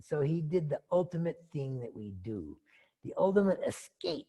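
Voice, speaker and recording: A man's voice: on the high side, expressive, moderate pace, dark tone. A man giving a dharma talk who retells a story in a rambling, conversational way, full of asides and fillers. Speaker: dharma teacher.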